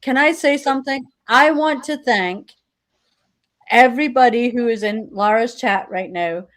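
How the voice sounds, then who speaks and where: A woman on a group video call speaks in a slightly high voice. She is earnest and halting, stopping and restarting with many fillers. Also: a bit bright, a little hiss or hum. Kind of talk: casual group video chat.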